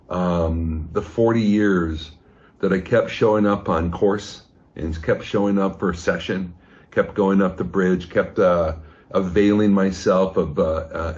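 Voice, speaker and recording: A man with a lowish voice delivers a rambling, heavily profane fundraising pep talk, rallying listeners to get mad and give. His voice comes through a dull, lo-fi video call line. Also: a little mellow. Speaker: fundraising speaker.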